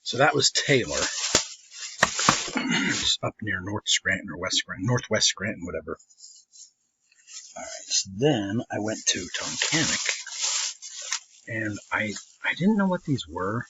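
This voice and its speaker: A man spins a rambling story about card hunting, keeping his voice low and easy. He laughs between lines and puts on quick voices for the people he quotes. The recording is dull and lo-fi, with a faint hiss behind him. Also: big pitch swings, sharp tone. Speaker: trading card collector. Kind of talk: casual storytelling vlog. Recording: slightly dull lo-fi audio with faint noise.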